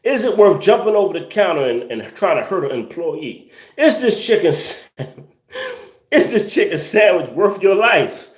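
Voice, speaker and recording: A man's voice: high-pitched, sing-song, unhurried, echoey room. A man hosting a casual livestream, reading viewer comments and ranting with incredulous laughter and slang.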